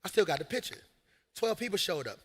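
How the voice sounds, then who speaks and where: High-voiced energetic preacher. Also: male voice, a little fast, slightly rough. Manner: energetic preaching with shouted peaks and call-and-response asides. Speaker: senior pastor. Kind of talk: live sermon. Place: large church hall. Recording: live hall with long reverb.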